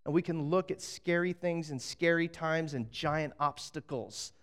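A man's voice: fairly high pitch, a little slow. A man preaching a sermon, telling a story with energy, acting out voices and often restarting his sentences. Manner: animated storytelling, acts out voices, frequent restarts. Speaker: pastor.

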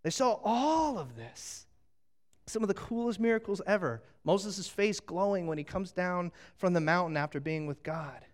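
A man preaching a sermon, telling the story with jokes and acted-out asides. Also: high-pitched. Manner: animated, jokey, acting out quick asides.

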